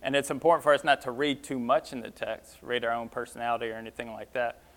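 A male pastor teaching from scripture in an easygoing, conversational manner. His voice sits at an ordinary middle pitch, and he talks plainly with a few fillers. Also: little pitch movement, quick pace, a bit bright. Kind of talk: sermon teaching.

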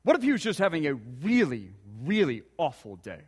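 A pastor with a strikingly high voice preaches a sermon full of stories and earnest rhetorical questions aimed at his listeners. His pitch swoops wildly at a normal pace, the tone is darkish and slightly rough, and a long reverb makes him ring out as if in a large hall.

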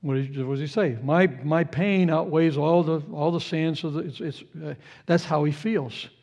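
A male pastor preaching a sermon, earnest, repeating key phrases and swinging from hushed to rising with feeling. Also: a little high, steady tone, normal speed.

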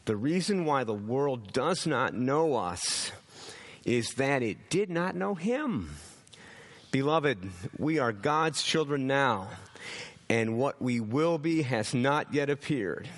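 A man's voice: medium pitch, expressive, takes it slowly. A man preaching a sermon in an earnest way, often repeating words as he builds a point.

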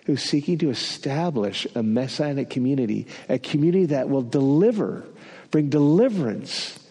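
A man's voice: mid-range voice, animated, moderate pace, warm tone, husky, long reverb tail. A man preaching a sermon, telling a personal story with self-deprecating humor.

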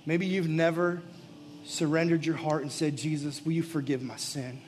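A man with a slightly raised pitch preaches live to a gathered crowd as their pastor. He speaks earnestly, urging and pleading, and often sinks into soft, intimate tones during the altar call and prayer. A faint hum of the room sits behind him. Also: fairly even intonation, normal speed. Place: church or youth gathering, live.

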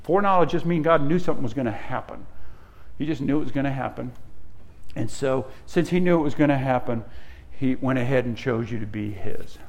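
Emphatic pastor preaching. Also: male voice, mid-range voice. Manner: emphatic preaching with many restarts and repeated words. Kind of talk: sermon.

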